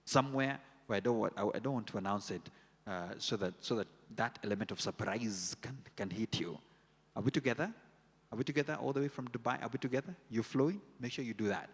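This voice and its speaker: A man's voice: medium pitch, fast, husky. A man hosting a conference, making announcements in a chatty, joking way and correcting his own slips. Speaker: event host. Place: conference hall. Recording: reverberant conference hall.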